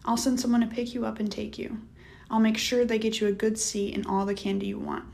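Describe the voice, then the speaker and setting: A woman reading an audiobook, voicing a gentle but evasive father who hedges and soothes. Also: on the high side, monotone, a little fast, vocal fry. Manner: hesitant, soothing.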